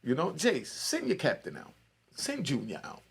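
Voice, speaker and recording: A man's voice: medium pitch, wildly swooping pitch, moderate pace, gravelly, husky. A man, hosting a loose, streetwise livestream commentary and often asking if you follow him. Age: 60s. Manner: loose streetwise storytelling, keeps asking "you know what I mean". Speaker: commentary channel host.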